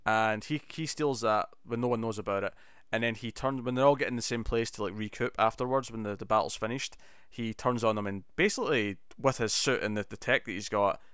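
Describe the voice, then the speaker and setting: A man talks through an episode with his co-host in lively, animated bursts, jumping into little acted-out lines along the way. His voice comes through smooth and clean on a close, dry mic with almost no room sound. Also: fairly low pitch, a little fast, no room sound. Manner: animated, enthusiastic, quotes scenes in bursts. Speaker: podcast co-host. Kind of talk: casual chat.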